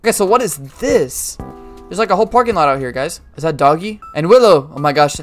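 A man giving excited commentary while playing a game, talking straight to his viewers. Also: on the high side, fast talker. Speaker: gaming YouTuber. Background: game music.

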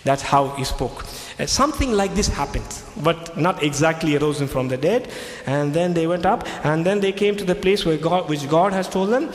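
Speaking at a moderate pace with a slightly high voice, this Christian lecturer retells passages of scripture. He keeps coming back to key phrases, his English carries non-native phrasing, and the hall around him is echoey with a faint ambience.

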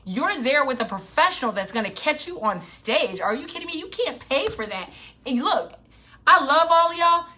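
A middle-aged woman business coach giving an animated, emphatic motivational talk, hammering her points with repetition. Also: on the high side. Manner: emphatic, animated, repeats for punch.

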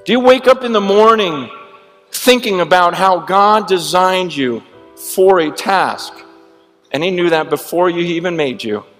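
A man's voice: sits high, lively intonation, measured pace, a bit bright. A man preaching a sermon, earnest and asking the listener direct questions. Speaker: pastor. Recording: sermon with reverb and music bed.

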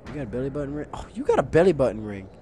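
A young man giving casual, jokey commentary while playing a video game, often yelling at enemies. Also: mid-range voice, rapid-fire, slightly rough. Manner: excitable, jokey, yells at enemies. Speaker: gaming YouTuber.

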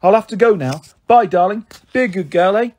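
Male reader as a busy, loving mum, husky and rushed. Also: high-pitched, animated, a little mellow, voice pushed up. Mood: hurried. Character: hospitalised mum, warm and hurried.

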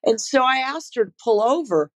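A woman's voice: high-pitched, expressive, normal speed. A woman in her sixties, a guest musician on a podcast, talking casually with plenty of fillers, restarts and laughter. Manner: laid-back, laughs often, frequent fillers and restarts. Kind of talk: casual interview storytelling.

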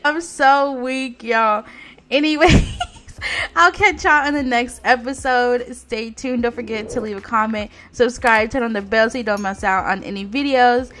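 A woman giving casual let's-play commentary on a life-sim game, animated, laughing often, swearing and talking straight to viewers. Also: on the high side, unhurried. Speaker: Sims gameplay YouTuber.

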